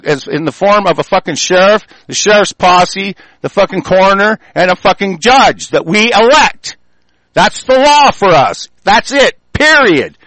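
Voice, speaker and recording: Guy ranting hard and cussing, high pitched voice, real dry sound. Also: no room sound, rough recording. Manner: heated, profane, shouting tirade. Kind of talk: angry political rant.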